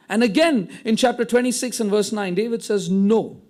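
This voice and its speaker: Man, pastor, sermon, high-pitched, dramatic storytelling. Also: moderate pace, darkish tone. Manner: retells scripture with dramatic quoted dialogue.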